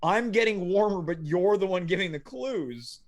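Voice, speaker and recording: Male call-in host with a high voice; dry, bemused comic interviewer. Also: lively intonation, normal speed. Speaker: talk show host. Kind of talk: comedic live call-in show.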